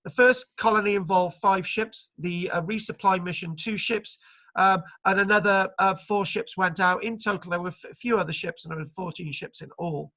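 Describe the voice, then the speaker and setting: A man delivers an online archaeology lecture with a bright, clear-toned voice. He talks in an animated, joking way, full of fillers and restarts. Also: high voice, normal speed.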